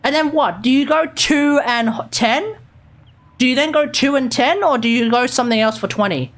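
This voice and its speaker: A woman's voice: high-pitched, normal speed. Australian woman streamer sounding out words. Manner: thinking aloud, sounding out foreign words. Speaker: live streamer. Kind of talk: casual live-stream chat.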